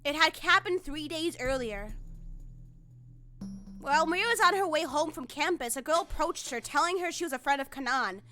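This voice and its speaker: A high-voiced woman streamer narrates a visual novel and breaks into emotional exclamations. Her tone is bright and sharp, and faint game music plays under her voice. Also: expressive, normal speed. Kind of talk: let's play reading and reacting.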